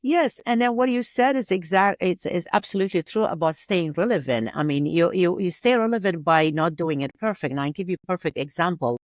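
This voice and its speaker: A woman's voice: fairly low pitch, brisk, hardly any pauses, no room sound. Earnest Kurdish-accented woman, dry sound. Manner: earnest, stumbling restarts and repeated words. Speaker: podcast guest. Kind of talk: casual interview chat.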